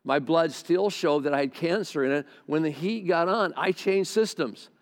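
A man's voice: a little high, moderate pace. A male pastor preaching a sermon to a congregation on a close microphone, talking conversationally with stammered restarts and side remarks. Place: large hall with a congregation. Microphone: close mic near the face. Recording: long church-hall reverb.

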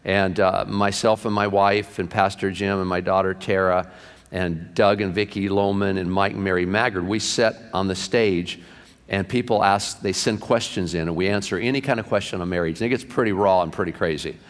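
A male pastor preaching a sermon through lively anecdotes, acting out the people in his stories. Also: low-pitched, normal speed, big-room sound. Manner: animated anecdotes, acted-out quotes. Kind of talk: sermon storytelling.

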